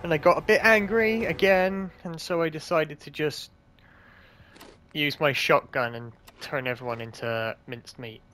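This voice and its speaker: A man's voice: on the high side, measured pace, sharp tone, faint music behind. A man hosting a gaming channel, swearing a lot and ranting angrily as he plays. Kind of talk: gameplay commentary.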